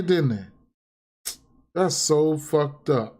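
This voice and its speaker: A man's voice: a little high, expressive, slow pace, long pauses. A man ranting casually and profanely on a livestream about sports bets, repeating himself and getting heated. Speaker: sports betting streamer.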